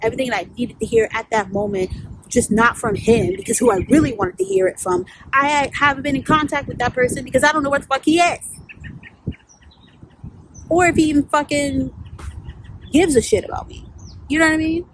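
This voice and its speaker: A woman's voice: high-pitched, fairly quick, long pauses, a bit bright, slight background noise, low-quality recording. A woman, a life coach telling a candid, profanity-laced story in a storytime vlog.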